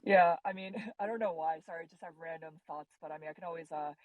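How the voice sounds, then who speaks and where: Excitable woman with a low, dry voice. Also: fast talker, no echo, low-quality recording. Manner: excited, rambling, apologetic. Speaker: guest speaker. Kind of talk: casual audio chat.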